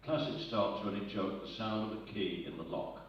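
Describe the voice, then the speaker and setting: A man's voice: fairly low pitch, fairly quick, slight background noise. A man telling jokes to a live audience, rambling, losing his place and chuckling at his own punchlines. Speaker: comedian. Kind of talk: live stand-up joke telling. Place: live arts centre stage with audience. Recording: echoey, muffled hall recording from far off.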